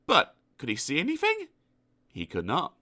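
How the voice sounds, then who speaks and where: Brief: male storybook reader, playful and animated, bright forward voice. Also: on the high side, moderate pace. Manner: animated, playful asides to the listener. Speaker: audiobook narrator. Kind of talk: children's storybook reading.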